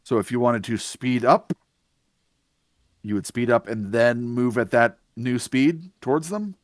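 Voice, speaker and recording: A man's voice: medium pitch, measured pace, no echo. Guy running a tabletop game, middle voice, super dry close mic, laid back about the rules. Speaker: game master.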